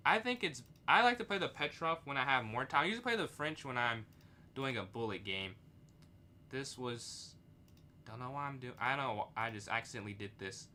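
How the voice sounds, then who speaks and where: A man's voice: mid-range voice, a little hiss or hum. A young man streaming chess live, thinking aloud about his moves and answering chat. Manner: thinks aloud, reads chat, excitable outbursts.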